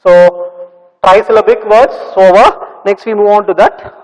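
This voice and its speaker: A man teaching a class of children, speaking slowly and repeating words and sounds syllable by syllable. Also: high voice, fairly even intonation. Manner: slow, repetitive, drills sounds syllable by syllable. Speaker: English teacher. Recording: long reverb.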